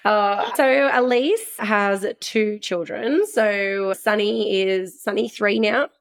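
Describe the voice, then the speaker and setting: A woman in her thirties co-hosts a relaxed chat, talking warmly and freely with plenty of fillers and little laughs. Her voice is mid-pitched with a noticeable gravelly fry. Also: slow pace. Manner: chatty, laughs often, many fillers. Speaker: podcast co-host. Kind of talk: casual chat.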